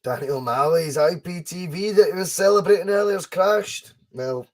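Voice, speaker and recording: A young Scottish man runs a live fan watchalong, his voice pitched a little high for a man. He chats casually, calls the action with excitement and answers viewers' comments, with the odd swear word thrown in. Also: moderate pace. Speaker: podcast host doing a live fan watchalong.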